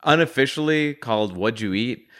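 A man hosts a casual podcast chat in a joking, playful way. His voice is mid-pitched and lively, rising and falling freely. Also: normal speed. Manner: joking, playful, slips into impressions. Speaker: podcast host.

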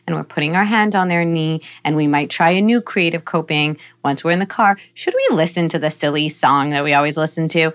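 A middle-aged woman with a somewhat low voice talks as a psychologist guest on a parenting podcast. She explains things earnestly and patiently, like a teacher. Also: fairly quick, few pauses. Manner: earnest, explanatory, playfully animated in examples.

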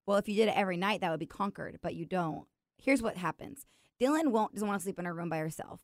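A woman's voice: mid-range voice, quick pace, no room sound, clean studio sound. A woman hosting a podcast in casual chat, telling stories and teasing her husband. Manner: chatty, teasing, storytelling. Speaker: podcast host.

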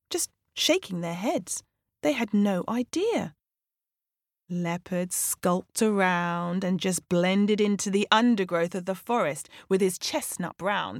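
Expressive woman storyteller, unhurried. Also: mid-range voice, dry recording, clean studio sound. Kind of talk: children's story narration.

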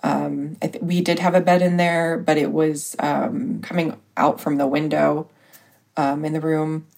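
A woman guest telling a personal story in a casual, hesitant way, pausing often with fillers. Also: low voice, flat delivery, vocal fry, darkish tone. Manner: hesitant, full of pauses and fillers.

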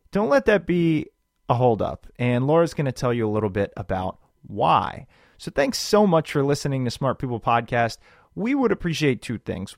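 A man in his thirties hosting a podcast, introducing the episode in a chatty, animated, self-joking way. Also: mid-range voice, no room sound, clean studio sound. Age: 30s. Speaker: podcast host.

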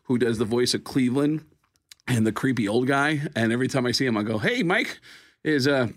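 A man, a comedian and voice actor, telling lively comic stories as a radio guest and jumping into quoted voices. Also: fast, no room sound, clean studio sound. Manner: lively, jumps into high-pitched quoted voices. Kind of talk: animated comic storytelling.

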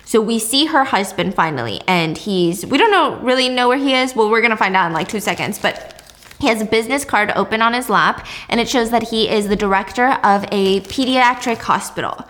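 A woman hosting a casual chat, retelling a drama with animated, playful storytelling. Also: on the high side, fairly quick. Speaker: host.

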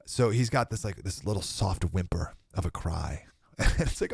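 A man's voice: sits low, expressive, moderate pace, gravelly, husky, dry recording. Young guy preaching on a podcast, bit under the weather, voice jumps all over, real dry close sound. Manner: earnest, emphatic, laughs between points. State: slightly sick with a cold. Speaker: podcast host. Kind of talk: preaching monologue.

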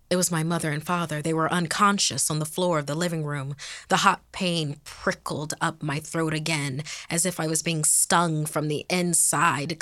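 Low, slow woman telling a ghost story. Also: a bit bright, dry recording. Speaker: host and storyteller. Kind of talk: reading a ghost story aloud.

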